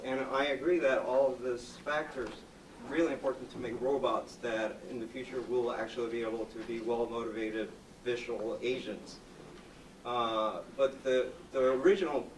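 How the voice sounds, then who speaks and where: A man's voice: medium pitch, noisy background. Audience man asking from afar. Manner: long, hesitant question with restarts. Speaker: audience member. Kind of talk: asking a question at a lecture. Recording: echoey hall mic from far off.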